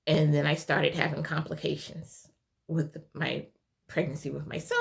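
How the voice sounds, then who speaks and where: A young woman telling a heartfelt personal story in a halting, tearful way, her voice at times dropping to a whisper. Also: low voice, level tone, vocal fry. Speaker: vlogger sharing a personal story. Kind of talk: emotional personal testimony.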